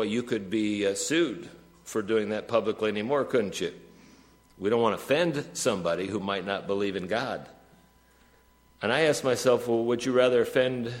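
A middle-aged man preaching a sermon as pastor, questioning the congregation and swinging between raised, emphatic lines and quiet, low asides. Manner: preaching with wide swings of pitch and loudness, asking the room questions.

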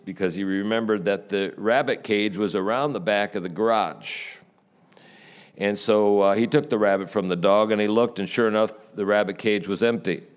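Smooth-voiced male pastor telling a story. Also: lowish voice. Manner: storytelling, conversational, frequent "uh". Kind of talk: sermon.

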